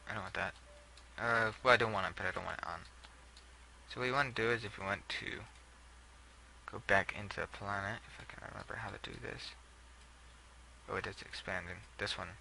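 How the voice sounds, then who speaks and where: Young male gamer narrating his play casually, low and crisp-edged, trails off, faint noise. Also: bright, forceful tone, low-quality recording. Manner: rambling, self-deprecating, trails off often. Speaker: gameplay video host. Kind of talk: casual gameplay commentary.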